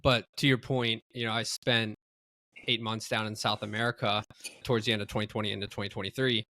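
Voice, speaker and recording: Bright-voiced male podcast host. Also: on the low side, flat delivery, fairly quick, no room sound. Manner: loose, searching phrasing with many fillers. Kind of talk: casual interview questions.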